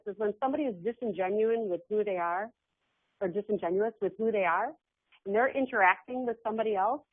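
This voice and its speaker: A woman giving a webinar talk as an energy healer, animated and acting out the words of her clients. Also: on the high side, no room sound. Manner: animated, acts out quoted clients. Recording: phone-like webinar audio.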